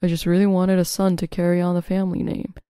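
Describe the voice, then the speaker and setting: A woman voicing a self-serving, cheating middle-aged husband in a scripted story, in a flat, even delivery. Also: fairly low pitch, fast talker, clear, resonant tone, dry recording, studio quality, close to an everyday voice. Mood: pleading.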